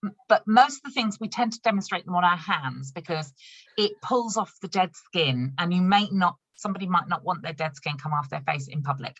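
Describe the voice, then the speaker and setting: A woman's voice: on the low side, lively intonation, a little fast, fairly bright tone, dry recording. Chatty woman on a muffled video call. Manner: chatty and upbeat, laughs often, demonstrates products while talking. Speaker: senior manager training new consultants. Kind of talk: casual online training session.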